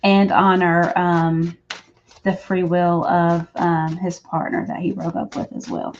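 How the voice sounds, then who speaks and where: A woman's voice: lowish voice, flat delivery, takes it slowly, slight background noise. A woman doing a live tarot reading, chatty and rambling, often correcting herself, in the back room of a shop. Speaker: psychic reader. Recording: dull lo-fi stream audio.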